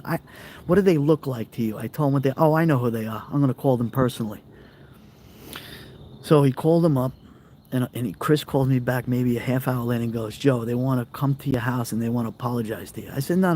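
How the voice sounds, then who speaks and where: A man's voice: mid-range voice, warm tone, slight background noise. A middle-aged man, hosting a casual live chat and telling rambling stories that act out the people he quotes while answering viewer comments. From New York. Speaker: live-stream host.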